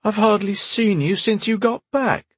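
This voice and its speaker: A man's voice: moderate pace, husky, no room sound. A man voicing a whiny, eager fourteen-year-old boy who pushes to be included. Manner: high pleading whine.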